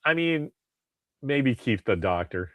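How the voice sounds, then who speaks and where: A man's voice: mid-range voice, big pitch swings, slow pace, no echo, narrow, tinny audio. A man co-hosting a podcast, chatting casually and rambling with restarts and swearing. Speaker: podcast co-host. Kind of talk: casual chat.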